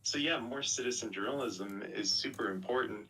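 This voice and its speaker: A man's voice: medium pitch, a little fast, pushed and bright. A man calling in to a show, polite and eager as he asks his question. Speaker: caller. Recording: distant call with faint ambience.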